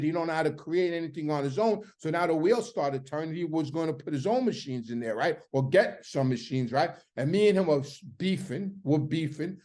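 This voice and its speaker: A middle-aged man tells a story in a casual, animated way. His voice sits a little high for a man. He gets louder and sharper when he acts out the arguments. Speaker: host telling a story.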